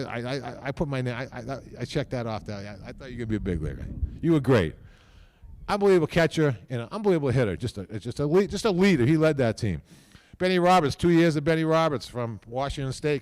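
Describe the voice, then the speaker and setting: Speaking fast and expressively at medium pitch, an older team owner delivers an unscripted, rambling ceremony speech at a hall of fame event. The tone is folksy, with "okay?" tacked onto many of his lines.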